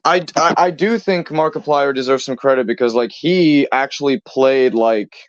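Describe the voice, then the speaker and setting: A man's voice: mid-range voice, normal speed, no echo. A man streaming and chatting casually with a friend, rambling, laughing often and swearing offhand. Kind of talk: casual chat. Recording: dull lo-fi dry mic.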